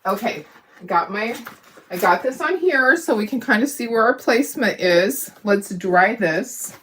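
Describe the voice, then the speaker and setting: A woman's voice: mid-range voice, animated, measured pace, fairly bright tone, a little hiss or hum. A woman hosting a live crafting demo, talking herself through each step, upbeat and self-deprecating, laughing often. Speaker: craft livestream host.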